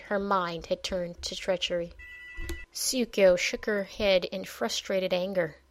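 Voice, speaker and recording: A woman narrating a fantasy audiobook in a measured, even storytelling manner. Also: mid-range voice.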